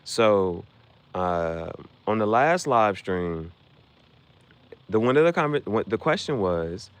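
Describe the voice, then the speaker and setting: Animated rambling man on a livestream. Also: on the low side, slow pace, clear, resonant tone. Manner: rambling, slangy, jumps between topics. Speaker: streamer designing merch shirts. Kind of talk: casual livestream chat.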